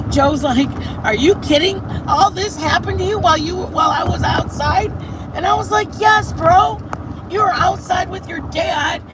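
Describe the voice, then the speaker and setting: A woman telling a story in casual live-stream chat, animated and rambling, exclaiming often. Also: high-pitched. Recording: loud car noise behind voice.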